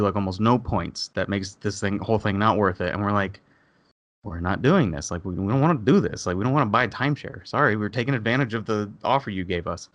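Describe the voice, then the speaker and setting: Man, low voice, dry close sound; animated storyteller who curses and mimics people. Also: no room sound. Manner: animated, swearing, acts out quoted people. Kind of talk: casual storytelling chat.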